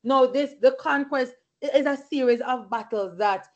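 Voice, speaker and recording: A woman's voice: high-pitched, moderate pace. A woman leading a Bible study as a fervent sermon, breaking into hallelujahs and praise between her points. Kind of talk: sermon with personal testimony. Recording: lo-fi recording.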